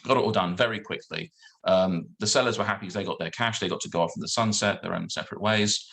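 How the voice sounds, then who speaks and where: A man, a solicitor, telling a lively anecdote on a video call and acting out the other people in it. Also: on the low side, fast talker, vocal fry. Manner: animated storyteller acting out dialogue. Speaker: guest solicitor.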